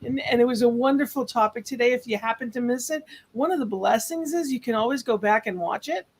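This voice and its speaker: A woman's voice: fairly high pitch, a little fast, slightly rough. A woman hosting a conversational interview, affirming and encouraging her guest. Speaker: host.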